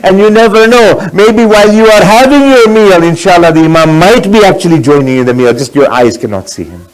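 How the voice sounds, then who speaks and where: A man's voice: high voice, expressive, a little fast, low-quality recording. A man giving a sermon as a sheikh, earnest and exhorting, mixing in Arabic religious phrases.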